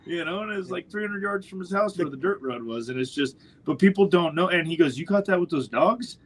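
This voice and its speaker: A young man, a podcast guest, telling animated stories in casual chat and acting out the quotes. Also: high-pitched, fast talker, low-quality recording. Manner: animated storyteller, acts out quotes.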